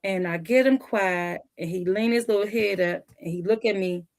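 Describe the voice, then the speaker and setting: Woman, lively storyteller, medium pitch, acts out voices. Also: normal speed. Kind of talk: casual storytelling.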